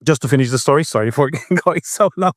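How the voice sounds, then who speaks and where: A man's voice: on the high side, lively intonation, dry recording, clean studio sound. A man co-hosting a podcast, telling a story in casual chat with many restarts and acting out the other voices. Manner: storytelling, halting with restarts, acts out quoted voices. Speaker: podcast co-host.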